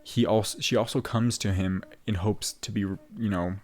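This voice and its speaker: A man co-hosting a casual podcast talk about a play, retelling scenes with halting restarts. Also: fairly low pitch, fairly even intonation. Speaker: podcast co-host.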